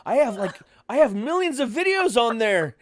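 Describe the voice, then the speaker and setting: A gullible man on the phone, pleading and getting more frantic, as a man puts him on. His voice climbs high and swings wildly as he begs. The delivery stays mock-earnest throughout. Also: very animated, normal speed, no echo, studio quality.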